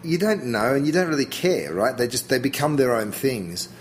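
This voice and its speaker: A middle-aged Australian man chats easily as an interview guest, his voice sitting at an ordinary middle pitch. He rambles a little, doubling back and restarting with fillers. A faint hiss runs under the recording. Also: normal speed, rough recording. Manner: relaxed, chatty, self-interrupting with fillers. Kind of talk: casual interview chat.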